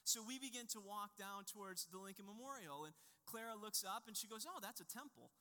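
Pastor, man in his 30s, chatty storytelling sermon, high bright voice, long hall reverb. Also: brisk. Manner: conversational storytelling with a personal anecdote.

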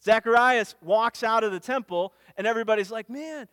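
A pastor giving a sermon, retelling the story casually and acting out the lines of its characters. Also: male voice, high-pitched, fairly even intonation, brisk, fairly bright tone, clean tone, no room sound, in a large hall. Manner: casual storytelling, acts out quotes.

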